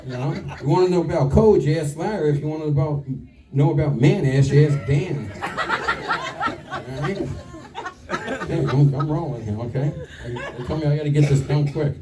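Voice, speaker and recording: A man giving a crude, self-deprecating roast speech at a party, with halting fillers. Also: on the high side. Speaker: retirement roast speaker. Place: banquet room with a crowd. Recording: distant mic, noisy room. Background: crowd laughter and chatter.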